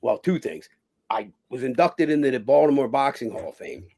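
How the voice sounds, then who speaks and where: A middle-aged man, a former boxer telling stories as a guest in a casual interview. He is an animated raconteur who acts out other people's lines. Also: medium pitch, moderate pace, slight background noise.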